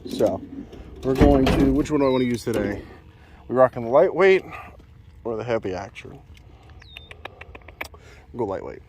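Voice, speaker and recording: A man's voice: medium pitch, animated, moderate pace, pauses often, very noisy. A man talking casually to his viewers while bank fishing, recorded on a chest-mounted camera, chatty and self-deprecating. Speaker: fishing vlogger. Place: outdoors on a lake bank.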